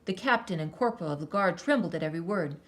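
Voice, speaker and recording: A woman reads a children's story aloud in a lowish voice, lingering expressively over counts and sound words. Her storytelling is lively and deliberate.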